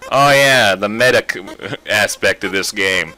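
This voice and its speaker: A man's voice: fairly low pitch, unhurried, bright, forceful tone. A man commenting on a game he plays, laid-back and self-mocking. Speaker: let's player. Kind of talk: gameplay commentary. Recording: game music behind.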